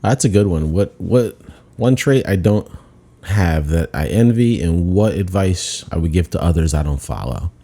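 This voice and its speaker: A man's voice: low-pitched, animated, moderate pace, warm tone, breathy edge. A man, a comedian hosting his own podcast, telling a rambling, self-deprecating story with lots of restarts. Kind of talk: casual storytelling monologue.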